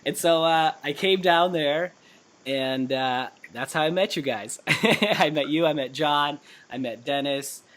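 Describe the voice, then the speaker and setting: Brief: male podcast host, relaxed and loose, slightly high voice. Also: a little slow. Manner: loose, lots of "like" fillers, laughs often. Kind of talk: casual interview chat.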